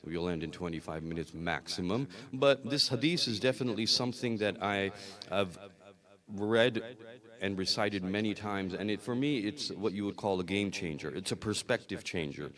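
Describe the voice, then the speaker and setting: A man preaching a religious sermon, telling a story with acted dialogue and repeating words for emphasis. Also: fairly low pitch. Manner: repeats phrases for emphasis, slows on key words. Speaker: scholar reciting a majlis.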